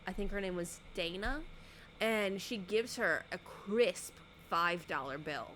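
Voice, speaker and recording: A woman talks through a movie recap in a loose, sarcastic vlog style, acting out the characters' lines. Her voice sits at a middle pitch. A faint hiss of noise sits under her speech. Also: lively intonation, measured pace. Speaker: YouTuber. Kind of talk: casual movie recap commentary.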